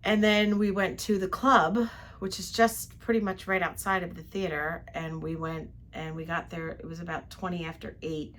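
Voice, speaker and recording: A woman's voice: fairly low pitch, flat delivery, normal speed, hardly any pauses, fairly bright tone, a little hiss or hum. An older woman co-hosting a travel vlog, chatting in detail about her day from a ship cabin. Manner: chatty, detailed storytelling with frequent laughs. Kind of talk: casual recap chat.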